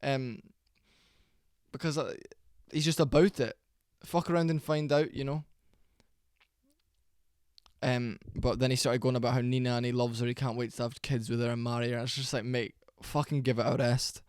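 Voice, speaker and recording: A young man giving a casual, rambling reaction commentary, tired and low on energy, with fillers and swearing. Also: fairly even intonation, normal speed, long pauses, darkish tone, smooth, no echo, clean studio sound. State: sleepy, worn out. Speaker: MMA reaction channel host.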